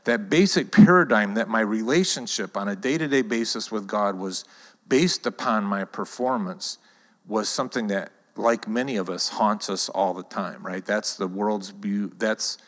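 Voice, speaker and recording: Low-voiced man speaking in a reverberant hall. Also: moderate pace, fairly bright tone. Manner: conversational, personal storytelling. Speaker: church leader. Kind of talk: church talk to a congregation.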